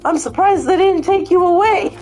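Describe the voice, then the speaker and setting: A cocky cartoon hedgehog taunts his neighbor in a high, pitched-up voice, as a woman puts him on. He sounds smug and picks fights. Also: moderate pace, darkish tone, soft background music. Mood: taunting. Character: cocky trash-talking male hedgehog neighbor.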